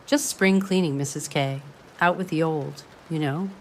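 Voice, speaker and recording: A woman's voice: deep voice, moderate pace, darkish tone, a little hiss or hum. A woman voicing a weary, guarded young woman who speaks in short, clipped lines. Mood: terse.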